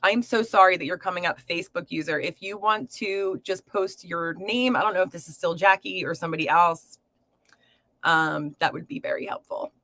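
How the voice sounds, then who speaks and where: A woman's voice: lowish voice, normal speed. A woman hosting a live tarot reading stream, talking casually to viewers with lots of fillers and pet names. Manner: chatty, warm to viewers, filler-heavy.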